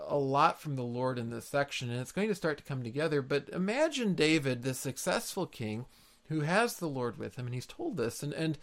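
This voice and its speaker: An earnest male preacher working through a scripture passage. His voice sits a little high for a man and has a gravelly, crackling edge to it. He stresses key words by repeating them. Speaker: pastor. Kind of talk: expository sermon.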